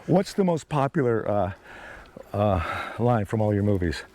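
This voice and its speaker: A man's voice: lowish voice, big pitch swings, moderate pace, warm tone, slight background noise. Playful teasing man hosting on a trail. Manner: playful, teasing, laughs often. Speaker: host. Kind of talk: casual chat on a hike. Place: outdoor canyon trail.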